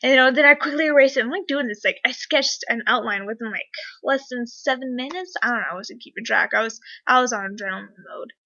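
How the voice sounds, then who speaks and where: A young woman chats to her camera in a rambling, excitable way, leaning on fillers as she tells a story. Her voice is bright and a little high. The recording sounds dull and lo-fi. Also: fast talker. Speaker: vlogger. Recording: dull lo-fi webcam audio.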